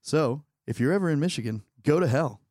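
A man co-hosting a talk show, joking along with short wry comments and telling quick stories. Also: a little high, lively intonation, darkish tone, no room sound, studio quality. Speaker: co-host. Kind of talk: casual chat.

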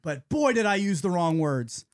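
A man's voice: high voice, normal speed, clear, resonant tone. A man hosting a casual morning radio show, telling a story and acting out the quotes. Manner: animated storytelling, acts out quotes.

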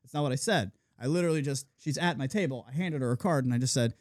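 A man DJ on a podcast, telling a story in casual, animated chat full of "like"s. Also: medium pitch, fast, no echo, clean studio sound. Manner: animated, filler-heavy with many "like"s, acts out the people in his story. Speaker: DJ and podcast co-host.

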